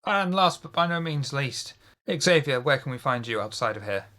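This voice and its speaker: A man's voice: mid-range voice, expressive, normal speed, pushed and bright, faint music behind. A man hosting a casual podcast, playful and chatty. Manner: playful, wrapping up the show. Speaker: podcast host.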